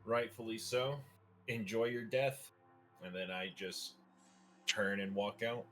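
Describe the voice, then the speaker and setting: Deep-voiced man player. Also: slow pace, a bit bright, soft background music. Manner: loose, swearing, hesitant. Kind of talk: casual tabletop play.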